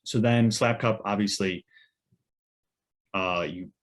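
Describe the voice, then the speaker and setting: A man's voice: on the low side, fairly even intonation, slow pace. A young man, a podcast co-host, telling a rambling weekend story in casual chat with lots of fillers and restarts.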